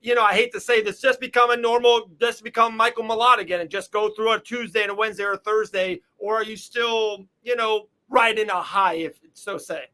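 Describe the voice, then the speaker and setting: A man's voice: sits high, fairly even intonation, brisk, few pauses, bright, forceful tone. A man from Florida hosting a podcast, asking long rambling, enthusiastic questions. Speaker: podcast host. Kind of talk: casual interview.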